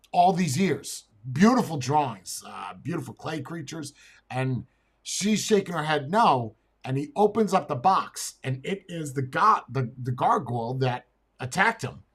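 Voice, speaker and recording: Blunt husky-voiced man telling a story. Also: fairly high pitch. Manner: blunt, repeats words, stammers at starts. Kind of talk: casual debate and storytelling.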